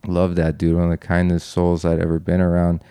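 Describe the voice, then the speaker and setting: A man's voice: sits low, completely flat delivery, a little fast, warm tone, clear, resonant tone, no echo, studio quality. A young man guest on a podcast, earnestly reflecting on his past in a personal story, with frequent ums and restarts.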